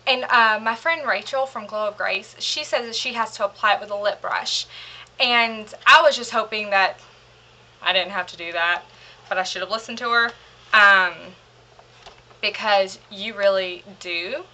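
A mid-range, bright and forceful voice belongs to a young beauty vlogger speaking a little slowly. She gushes her way through a casual makeup haul, rambling with lots of fillers and a bit breathless from rushing.

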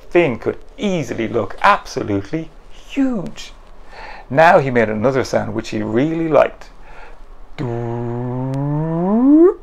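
A man, the author, reading his children's picture book in an animated, playful way and making the sound effects himself. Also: medium pitch, creaky.

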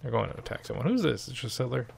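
A man's voice: mid-range voice, very animated, very fast, gravelly, noisy background. A young man giving chatty, casual gameplay commentary and swearing freely. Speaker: let's play host.

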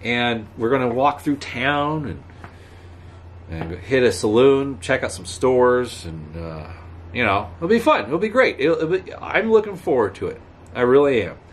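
A man's voice: mid-range voice, big pitch swings, measured pace. Guy rambling to his camera outside, bouncy up and down voice, some faint street noise. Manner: rambling, chatty, chuckling, talks back to passing traffic. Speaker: vlogger. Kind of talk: casual chat to camera. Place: outdoors by a road. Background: faint outdoor ambience, passing cars.

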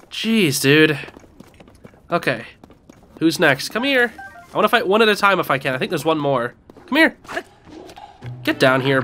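A gaming host narrating a playthrough in an excitable, chatty way, reacting to everything and calling out to the enemies. The voice swoops up and down with energy and has a bright, sharp edge, while faint game music plays underneath. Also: medium pitch. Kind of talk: casual let's-play commentary.

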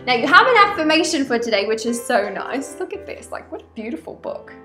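A chatty Australian woman with a high, bright voice rambles through an oracle card reading for her vlog, full of "um" and "like" asides. She sounds like she is in an echoey room, and soft music plays faintly behind her. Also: very animated, fairly quick. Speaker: spiritual vlogger reading oracle cards.

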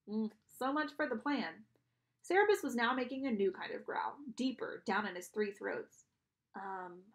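A woman reading a children's novel aloud in an expressive narrating style. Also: a little high. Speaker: audiobook reader. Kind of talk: storybook narration.

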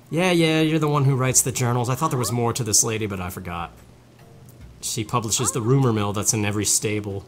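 A man's voice: mid-range voice, a little fast, music in the background. A man hosting casual gameplay commentary, rambling and joking, often mocking himself. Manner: jokey, rambling, self-mocking. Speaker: gaming channel host.

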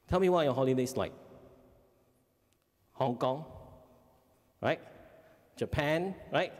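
A man with a Singaporean English accent gives a parenting seminar talk as a family life educator, animated and often checking in with the audience. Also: a little high. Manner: animated, acts out kids' voices, frequent "okay?" checks. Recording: long hall reverb.

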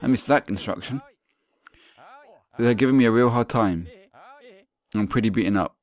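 A man's voice: on the low side, normal speed, a little mellow. A man giving sweary, sarcastic let's-play commentary as he plays a video game. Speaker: gaming YouTuber.

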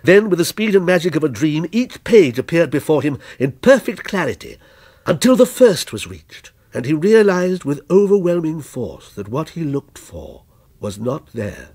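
A man reading a short story aloud in a measured, expressive way. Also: a little high, breathy edge. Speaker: story reader.

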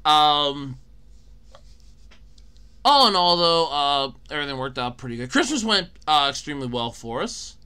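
A young man hosting a solo podcast, chatting casually, excitable, often laughing and shouting. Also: fairly high pitch, normal speed, pauses often, smooth. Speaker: podcast host.

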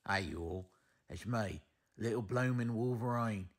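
A man's voice: lowish voice, a little slow. A man putting on a chirpy, sing-song voice for a tiny, cheerful, childlike male mutant with an odd twang.

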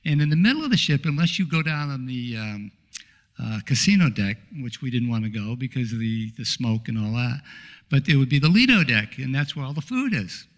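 A middle-aged man tells a lighthearted personal story to a congregation, easygoing and anecdotal. His voice sits at an ordinary mid pitch for a man, and he often pauses to say uh as he goes. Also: sing-song, fairly bright tone. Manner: anecdotal and humorous, with frequent uh fillers. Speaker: guest speaker at a congregation. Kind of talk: storytelling in a church talk.

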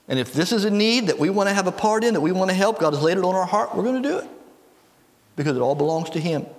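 A man with an American Midwestern accent preaching a sermon, reading scripture and repeating key points for emphasis. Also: high voice. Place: church sanctuary. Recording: long church reverb.

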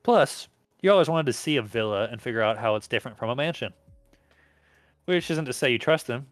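Man reading a story game aloud, casual narration, middle pitch, dry close sound. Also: lively intonation, brisk, no room sound. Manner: reads along with stumbles and laughs.

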